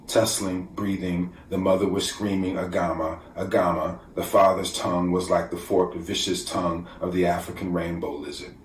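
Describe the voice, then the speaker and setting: A man with a very low voice reads his poems slowly and deliberately, now and then sinking toward a whisper. He sounds set back from the microphone in an echoey room at home, with a faint hiss of background noise. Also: distant mic. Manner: measured, deliberate reading, dropping to a near whisper at times. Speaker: poet. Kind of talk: poetry reading. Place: room at home, virtual festival.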